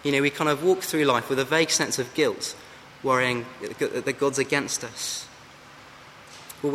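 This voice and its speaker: An earnest man preaches a sermon, urging his listeners with rhetorical questions. His voice sits a little high for a man. It rings with the long reverb of a large hall over a faint hum. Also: pushed and bright.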